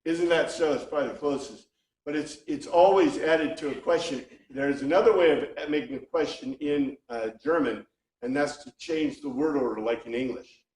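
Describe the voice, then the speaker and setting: A man's voice: a little high, moderate pace, darkish tone. A man teaching an informal Bible class, thinking aloud with frequent restarts. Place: classroom with a small group. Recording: echoey room, speaker far from mic.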